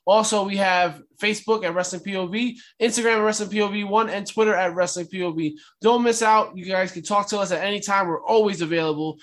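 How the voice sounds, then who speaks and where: Bright upbeat man reading podcast plugs. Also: high voice, quick pace, few pauses. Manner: energetic, upbeat announcer-like. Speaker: podcast co-host. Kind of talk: casual podcast chat and ad reads.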